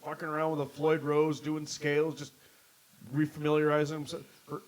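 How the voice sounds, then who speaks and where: A man's voice: on the high side, monotone, brisk, poor audio. A man hosting a casual podcast, telling rambling stories and swearing freely. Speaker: podcast host. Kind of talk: casual chat.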